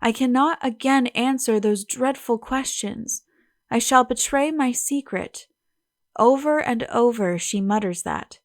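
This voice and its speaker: A woman voicing a frightened young French maid who speaks in careful, halting phrases, in an audiobook. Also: fairly high pitch, dry recording, studio quality, lightly acted.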